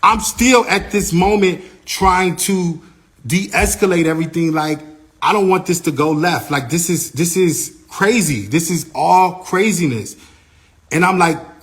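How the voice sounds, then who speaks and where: A man's voice: fairly high pitch, measured pace. Man animatedly retelling a dramatic story. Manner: animated retelling, acting out others' lines, many "like" fillers. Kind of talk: casual first-person storytelling.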